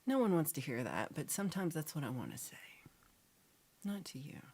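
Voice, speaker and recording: A woman from Texas hosting a casual livestream chat, reading viewer comments in a chatty, animated way and sometimes dropping to a whisper. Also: low voice, fairly quick, slightly rough. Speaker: livestream host.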